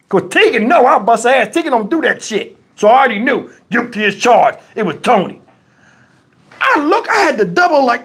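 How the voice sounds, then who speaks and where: A middle-aged man hosting a casual livestream, telling a story in an animated, exasperated way with a lot of cursing. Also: very high-pitched, moderate pace, slightly rough. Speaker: YouTube channel host.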